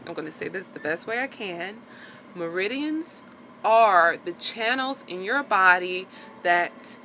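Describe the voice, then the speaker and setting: Bright-voiced, frank woman vlogger. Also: on the low side, slight background noise. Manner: frank, chatty, peppered with "like" and swearing. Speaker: vlogger sharing her recovery after birth. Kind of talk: casual personal vlog talk.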